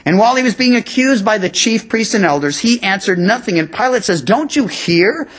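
A man's voice: sits high, a little fast, a bit bright. A man pastor preaching an expository sermon in a conversational teaching manner with frequent asides.

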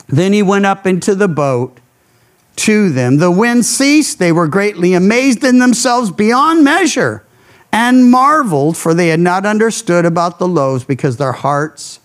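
A high-pitched pastor delivers a radio sermon, teaching through a Bible passage. His style is conversational and folksy, full of storytelling and casual asides.

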